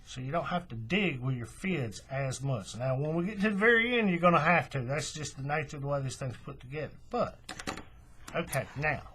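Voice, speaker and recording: Husky man talking through a craft tutorial. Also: a little high, fairly quick. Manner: relaxed, folksy step-by-step explaining. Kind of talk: hands-on tutorial walkthrough.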